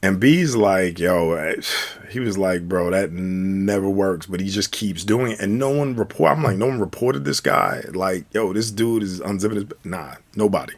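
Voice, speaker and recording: Man, young adult, low-pitched voice, casual storytelling, animated, acts out quotes. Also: normal speed.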